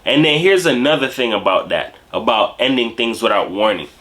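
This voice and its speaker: A man from Jamaica telling a casual story in slangy, animated, streetwise talk. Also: mid-range voice, moderate pace. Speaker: host.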